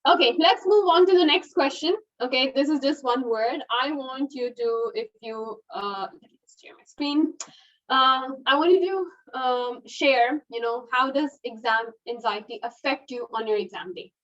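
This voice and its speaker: A woman hosting an online webinar in a chatty, casual way, laughing often and filling pauses with "okay" and "you know". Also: sits high, fairly bright tone. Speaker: webinar host. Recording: dull, distant webinar audio.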